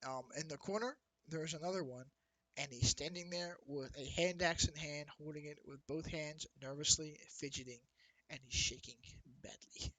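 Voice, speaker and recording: A man runs a tabletop game session, narrating scenes in a loose, chatty way. His voice is bright and sits a little high, and the sound is dry and close. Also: normal speed, dry recording, rough recording. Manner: loose and chatty, with frequent ums and laughs. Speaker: dungeon master.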